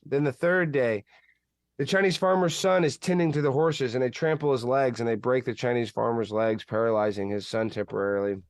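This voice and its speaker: A man's voice: mid-range voice, fairly even intonation, a little fast, dry recording, clean studio sound. A man guesting on a talk radio show, rambling animatedly as he tells a story. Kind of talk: casual talk-radio banter.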